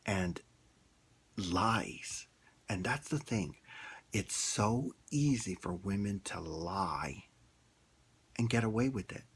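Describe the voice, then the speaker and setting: Slow, gravelly low-voiced man ranting. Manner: ranting, blunt, rambling. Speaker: vlogger. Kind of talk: casual opinion monologue.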